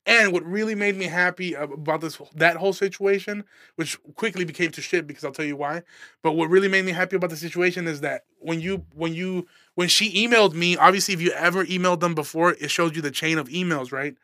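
A man's voice: a little high, fast talker, sharp tone, dry recording, studio quality. A young man from Illinois, a stand-up comedian hosting his podcast, telling a story in a casual, profane, fired-up rant. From Aurora, Illinois, USA.

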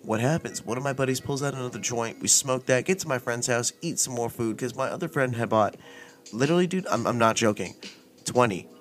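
A laid-back man telling a story on his own podcast, rambling and swearing casually. His voice sits at an ordinary middle pitch. Faint music plays softly beneath him. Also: fairly quick. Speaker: podcast host.

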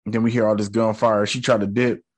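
A man's voice: fairly low pitch, little pitch movement, fast talker, no room sound. A young man giving a casual, joking recap of a show episode, full of slang and profanity.

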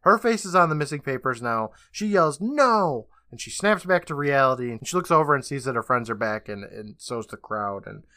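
Man, podcast host, casual sarcastic recap, profane, bright voice, dry close mic. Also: mid-range voice, lively intonation, fairly quick, few pauses, no echo. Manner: loose, profane, sarcastic retelling.

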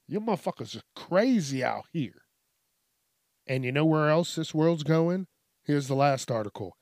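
A man's voice: on the high side, expressive, normal speed, gravelly, no echo, clean studio sound. A man hosting a comedic news commentary, ranting with lots of swearing and frequent laughter. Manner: profane, ranting, laughs often. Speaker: host.

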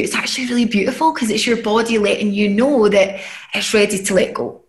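A woman's voice: fairly high pitch, steady tone, fairly quick, reverberant. A woman hosting a podcast, talking in an earnest, encouraging coaching manner about emotions and letting go. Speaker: podcast host. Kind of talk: casual podcast conversation.

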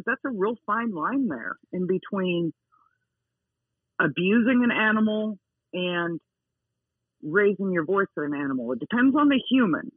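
A woman's voice: medium pitch, slightly rough, dry recording. Emphatic woman on a tinny phone line. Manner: emphatic, not soft-spoken, repeats key words. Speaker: dog owner interviewed as a guest. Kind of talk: casual phone interview.

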